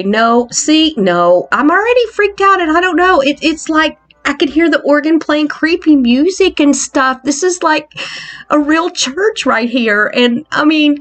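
A woman hosting a playful island tour in a game, excitable and mock-scared, exclaiming often. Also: sits high. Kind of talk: playful game walkthrough narration.

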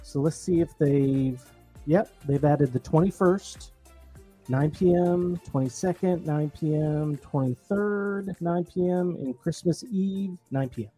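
A man's voice: a little high, measured pace, warm tone, slightly rough, faint music behind. A man co-hosting a casual news podcast, chatting and joking with his partner. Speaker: podcast co-host.

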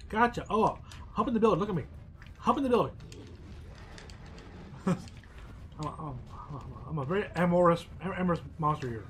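A man co-hosting a casual game playthrough, joking, laughing often and breaking into excited exclamations. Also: sits high, fairly quick, long pauses, slight background noise. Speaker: let's play co-host. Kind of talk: casual gameplay chat.

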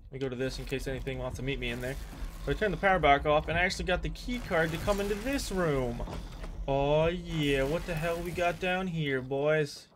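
A man streaming a horror game, jumpy and excitable, swearing and shouting at the game. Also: a little high, a little fast, slight background noise. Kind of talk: gameplay commentary.

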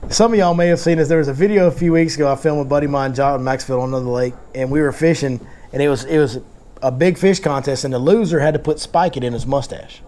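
A man's voice: fairly high pitch, fast talker, a little mellow. A man hosting a casual fishing seminar, telling stories and joking in Southern slang. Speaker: fishing guide and seminar host.

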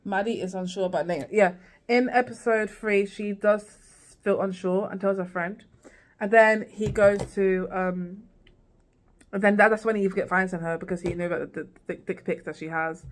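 In a casual vlog, a woman recaps a TV series in a mid-range, steady voice at a moderate pace. She rambles, restarts often, uses many fillers, and acts out quotes from the show.

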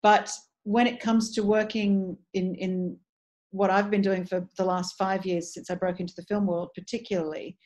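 A woman's voice: mid-range voice, moderate pace. A woman, a voice and dialect coach, speaking articulately and with energy in an interview. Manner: articulate, animated, restarts phrases. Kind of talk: interview conversation.

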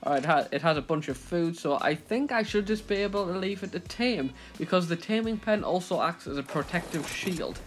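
A young British man commentates his gameplay in a quick, self-mocking way, cracking jokes and shouting in panic as things go wrong. His voice sits a little above the usual male pitch. Soft game music plays faintly behind him. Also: animated. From Britain. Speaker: gaming YouTuber.

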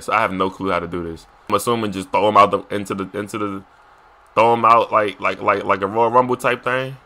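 Bright, animated young male gamer. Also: medium pitch. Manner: excitable, shouts and trash-talks at the screen; loose slangy casual speech. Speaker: gaming YouTuber. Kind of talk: live gameplay commentary.

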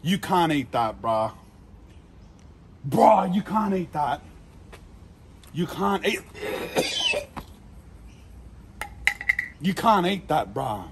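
Animated young man, lively vlog voice. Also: on the high side, takes it slowly, pauses often, noisy background. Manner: animated, exaggerated disgust, slangy. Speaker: food challenge vlogger. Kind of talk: casual vlog.

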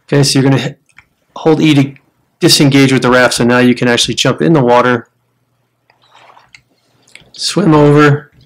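A man's voice: mid-range voice, steady tone, moderate pace, long pauses. Chatty American man walking viewers through a game. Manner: chatty, explains steps to viewers as he plays; breaks into loud startled exclamations. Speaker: gamer showing a survival game. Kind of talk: casual game commentary.

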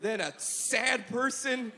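A man performing a stand-up comedy set on a club stage, animated and bursting into shouts, with audience laughter behind him. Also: very high-pitched, slow pace, slight background noise.

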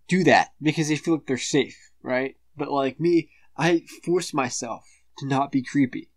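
A man's voice: mid-range voice, normal speed, dry recording. A man ranting into the camera, blunt, crude and defensive, swearing constantly. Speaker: vlogger. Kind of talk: profane rambling rant.

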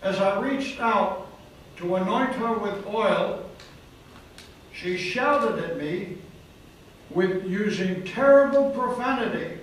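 A male preacher tells a dramatic story at a slow, deliberate pace. His voice sits fairly high for a man. The sound is recorded from across a very echoey hotel hall, with faint noise behind it. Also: far from the mic.

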